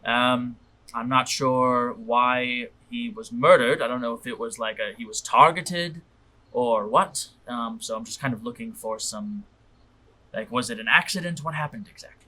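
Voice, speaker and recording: A man's voice: medium pitch, animated. A man doing a posh British company man. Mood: reserved. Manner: formal, measured and quietly polite. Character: reserved upper-class British company man.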